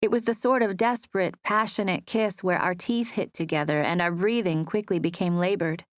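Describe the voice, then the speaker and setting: A woman narrating a first-person romance audiobook in a soft, intimate storytelling manner on a close studio mic. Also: fairly low pitch, moderate pace, no room sound.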